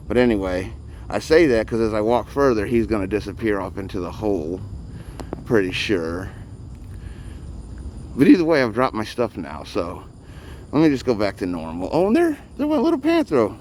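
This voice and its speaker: A man's voice: on the low side, measured pace, pauses often, a little mellow, slight background noise. A man chatting casually and rambling as he films street cats outdoors on a handheld phone, a bit out of breath. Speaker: vlogger caring for street cats. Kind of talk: casual vlog narration.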